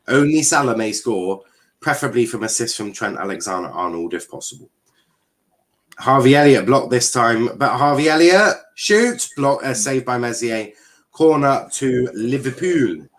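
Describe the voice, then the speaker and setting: A man's voice: medium pitch, animated, normal speed, fairly bright tone. A young man, casually commentating a live football watchalong, swearing, joking and reading chat aloud. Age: young adult. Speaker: watchalong streamer.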